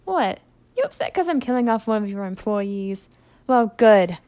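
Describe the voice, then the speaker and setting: A woman's voice: mid-range voice, very animated, moderate pace, darkish tone, no echo, lightly acted. A woman voicing a spiteful imp sister. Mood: bitter. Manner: scornful and resentful.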